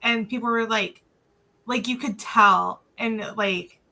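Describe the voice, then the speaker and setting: A woman with a high, bright voice chats on a podcast and keeps breaking into giggles. Her tone is easy and conversational. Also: slow, low-quality recording. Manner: giggly, chatty. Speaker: podcast co-host. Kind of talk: casual chat.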